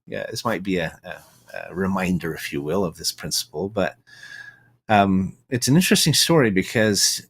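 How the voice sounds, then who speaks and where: A man's voice: low voice, lively intonation, moderate pace, fairly bright tone, slightly rough. A middle-aged American man hosting a solo podcast monologue, reflective and storytelling, with frequent restarts and tag questions. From United States. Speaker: podcast host.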